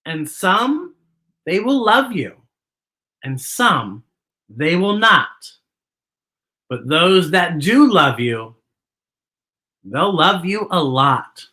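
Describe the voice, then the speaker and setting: A woman's voice: on the low side, sing-song, drawn-out words, long pauses, pushed and bright. A woman hosting a children's story time, reading a picture book aloud and talking directly to young viewers at home.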